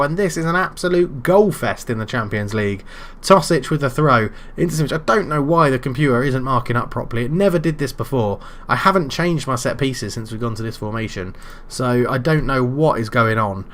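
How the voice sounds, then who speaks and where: A British man commentating his own football management game, calm between moves and shouting loudly when his side scores. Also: mid-range voice, brisk, hardly any pauses. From Britain. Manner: excitable, bursts into loud shouting at goals. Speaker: gaming YouTuber.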